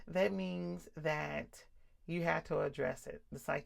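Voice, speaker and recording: A woman's voice: low-pitched, steady tone, takes it slowly, vocal fry. A middle-aged woman talking candidly and encouragingly to her viewers about living with vision loss. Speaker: vlog host sharing vision loss experience. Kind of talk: personal talk to camera.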